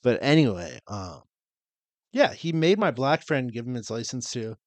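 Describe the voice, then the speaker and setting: A man's voice: mid-range voice, big pitch swings, normal speed, no echo. A young man co-hosting a podcast, telling a story in casual chat with lots of swearing and acted-out quotes. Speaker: podcast co-host.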